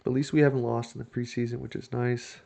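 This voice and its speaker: A man giving casual let's-play commentary on a football management game, joking to himself and shouting when his team scores. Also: medium pitch, fast, creaky, slight background noise. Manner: excitable, jokes to himself, shouts at goals. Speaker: video game player.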